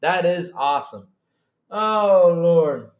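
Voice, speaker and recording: Man host, high lively voice, cusses a lot, roomy echo. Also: takes it slowly, muffled recording. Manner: loud, excitable, swears and laughs often. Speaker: podcast host. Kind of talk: live-stream gaming chat.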